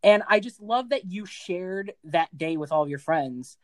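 An expressive host in a casual interview chat, gushing and laughing often. Their pitch swings in a lively way, and the sound is dry and close. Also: a little slow, dry recording.

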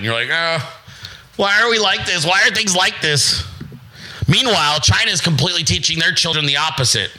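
A man's voice: on the high side, pushed and bright, rough recording. A man in his forties ranting profanely and defiantly as the host of a casual talk stream. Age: 40s. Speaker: livestream host.

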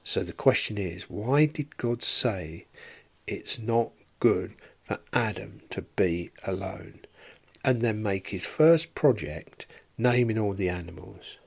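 A man's voice: lowish voice, takes it slowly, creaky, husky. A man teaching a Bible study in a podcast, explaining verse by verse and posing rhetorical questions.

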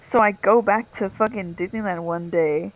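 A young woman on a casual podcast, telling a story in a loose, rambling way and swearing freely. She sits at a middle pitch and keeps her delivery animated. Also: normal speed, poor audio. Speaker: podcast co-host.

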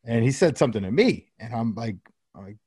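A man's voice: mid-range voice, animated, a little fast, dark tone, breathy edge, no echo, studio quality. A man, likely in his thirties, telling a rambling, profane story about his kids in casual chat. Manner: rambling, profane anecdote-telling with quoted dialogue.

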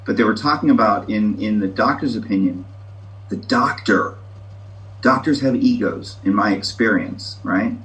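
A man's voice: on the low side, moderate pace, fairly bright tone, low-quality recording. Brief: man, self-mocking and candid, sharing his story on a video call. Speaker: meeting member sharing. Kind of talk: recovery meeting share.

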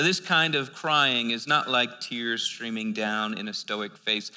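Scripture readings alternate with conversational explanations as this preacher from the United States talks through his sermon, often restarting and using filler words. He sounds bright and forceful at medium pitch, and the space leaves a long reverb tail.

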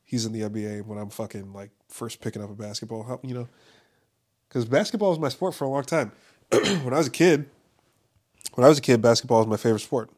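A man's voice: medium pitch, quick pace, darkish tone. A young man from Los Angeles talking in a rambling, casual monologue, full of profanity, fillers and restarts.

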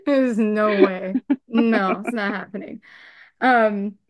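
A woman's voice: mid-range voice, steady tone, slow. A woman podcast co-host, a mother of teens, chatting casually, swearing freely and laughing often. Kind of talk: casual chat.

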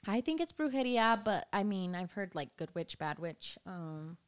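A woman's voice: medium pitch, moderate pace, smooth. Giggly young woman co-hosting a chat. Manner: giggly, animated storytelling with lots of "like". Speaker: podcast co-host. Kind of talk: casual chat.

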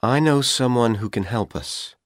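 A man's voice: medium pitch, a little slow, no room sound, clean studio sound, pitched above the performer's own voice, natural voice. A man voicing a coaxing, scheming young man. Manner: calm, coaxing, persuasive. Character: handsome scheming young college man, calm.

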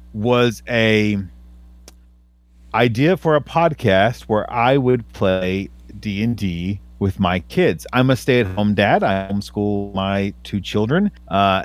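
A man's voice: on the low side, no room sound. A man in his thirties chatting casually on a podcast, hesitant with many fillers and restarts. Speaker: podcast co-host. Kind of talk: casual chat.

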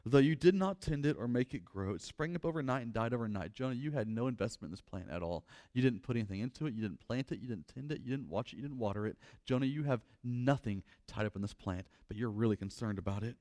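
A pastor preaching a sermon, reading scripture and commenting on it, moving between loud emphatic passages and quiet reflective stretches. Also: male voice, mid-range voice, expressive, fast, few pauses.

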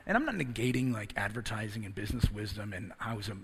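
A man preaching, moving from a personal story into forceful, emphatic sermon delivery. His voice is gravelly with a husky edge and a bright, pressing tone. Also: on the low side, lively intonation, fast, hardly any pauses.

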